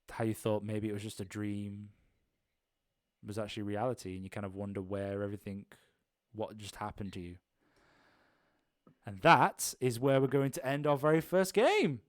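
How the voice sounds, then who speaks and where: A man's voice: lowish voice, smooth, dry recording. Young male GM, loose rambling narration, lots of ums, tabletop one-shot. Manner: rambling, many ums and restarts. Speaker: game master. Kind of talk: improvised tabletop game narration.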